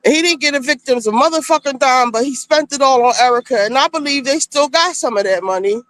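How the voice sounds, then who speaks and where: A woman's voice: sits high, quick pace, a bit bright. A woman streaming from her phone, giving a blunt, gossipy, profane recap of reality-show drama in casual chat.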